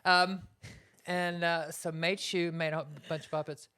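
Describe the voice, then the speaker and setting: A woman ventriloquist chatting in an interview with a low, smooth voice. She tells her story in a loose, rambling way and keeps circling back with fillers. Her delivery is relaxed and conversational. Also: unhurried. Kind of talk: casual interview chat.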